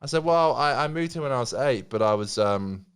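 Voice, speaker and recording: A man's voice: mid-range voice, fairly quick, clear, resonant tone. A young man with a mixed English and Australian accent, telling a story in casual chat and acting out both sides of it. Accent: English-Australian mix. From England. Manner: animated, acts out both sides of a story with lots of "like".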